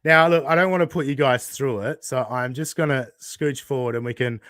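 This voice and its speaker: A man's voice: medium pitch, fairly quick, a bit bright, no room sound, clean studio sound. Laughing Australian man hosting a chat. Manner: laughing, swearing, reads out viewer tips. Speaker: host. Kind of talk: casual chat over a watched stream.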